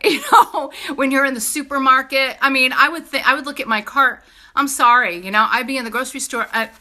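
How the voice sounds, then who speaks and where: A middle-aged woman with a New York accent gives an emphatic, persuasive sales pitch in a casual style, often pressing her point with a repeated "okay?". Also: pushed and bright. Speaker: product seller.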